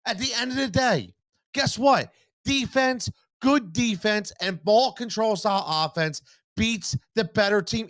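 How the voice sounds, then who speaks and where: A man's voice: very high voice, fairly bright tone, dry recording. A man hosting a live postgame sports reaction stream, fired-up and blunt, swearing freely and repeating his points. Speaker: sports talk host.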